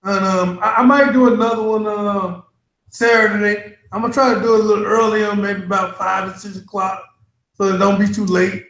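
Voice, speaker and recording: A man's voice: sits high, little pitch movement, moderate pace, a bit bright, roomy sound, low-quality recording. A male livestream host who rambles casually and breaks into improvised freestyle singing. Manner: loose, rambling, sings in a freestyle way.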